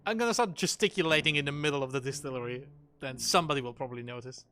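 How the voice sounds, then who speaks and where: A man's voice: mid-range voice, very fast, pushed and bright, faint music behind. A man streaming a game, thinking aloud through clues with wry, self-mocking jokes. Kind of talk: casual live gameplay commentary.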